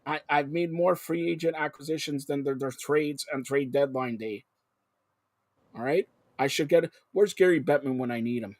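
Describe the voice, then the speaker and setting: A man hosting a live broadcast, talking in an excitable, rambling way that jumps between topics. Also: a little high, normal speed, no echo. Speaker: host. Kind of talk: live call-in broadcast chat.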